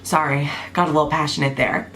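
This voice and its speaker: A woman's voice: deep voice, flat delivery, a little fast, fairly bright tone, faint music behind. A woman, giving a blunt, passionate, unscripted rant to camera, swearing freely. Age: 20s. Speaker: vlogger.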